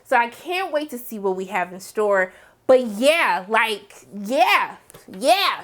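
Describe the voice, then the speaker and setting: A woman hosting a casual TV recap, chatty and animated, full of "like" and "um" fillers. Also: measured pace. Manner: chatty, heavy use of "like" and "um"; animated, breaks into excited high exclamations. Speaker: TV series review host.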